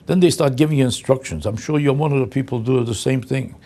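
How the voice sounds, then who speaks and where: An older man in a comic monologue, sounding indignant and incredulous as he piles up exasperated insults. His voice sits at an ordinary male pitch, and he speaks as if to a camera at home. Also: fast talker, dark tone. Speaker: comedian. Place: home vlog.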